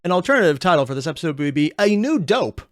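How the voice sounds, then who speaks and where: Lively, thinking-aloud male reaction host. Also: on the high side, quick pace, soft background music. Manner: rambling, thinks aloud with restarts. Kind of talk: casual reaction commentary.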